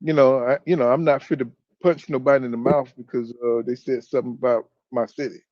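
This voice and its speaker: A man from Florida co-hosting a casual boxing podcast chat, telling animated stories, mimicking people and swearing freely. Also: medium pitch, fast talker, no room sound, dull audio.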